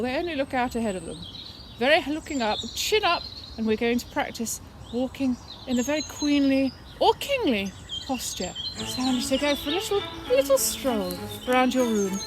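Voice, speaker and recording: A playful woman with a fairly high voice leads children through an activity lesson and then tells them a story. She speaks straight to her young audience, warm with encouragement. She was recorded outdoors in woodland, and birdsong carries clearly behind her. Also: noisy background. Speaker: children's church leader.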